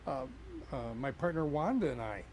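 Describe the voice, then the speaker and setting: A man's voice: on the high side, very animated, normal speed, darkish tone, slight background noise. A man who performs as a storyteller, chatting casually with many fillers and a lilting telling voice. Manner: rambling with fillers, lilting when telling tales.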